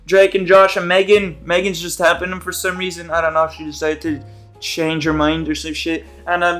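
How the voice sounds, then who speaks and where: A man's voice: high voice, a bit bright. A man recapping a TV episode in casual online commentary, rambling, jokey and profane. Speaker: YouTube commentator.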